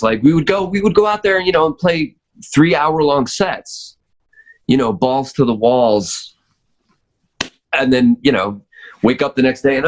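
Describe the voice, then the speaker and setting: A man's voice: medium pitch, a little slow, pauses often. A man who is a drummer, chatting as a podcast guest, rambling with lots of fillers and restarts. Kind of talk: casual chat.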